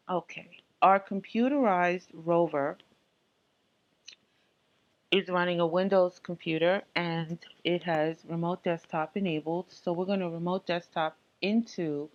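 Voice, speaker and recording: A woman's voice: on the low side, dull audio. A woman hosting a casual tech tutorial, chatty and full of small asides and fillers. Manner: chatty, lots of ums and asides.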